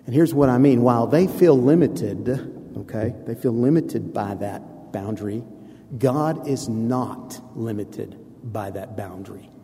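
With a dark, mid-range voice, this man delivers a sermon as pastor, chatting conversationally and making playful asides to the congregation. Long hall reverb surrounds the recording.

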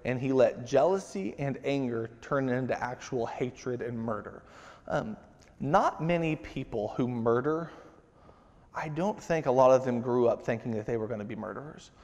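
A man preaching a sermon in a relaxed, conversational way, full of fillers and restarts. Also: mid-range voice. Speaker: pastor. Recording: long hall reverb.

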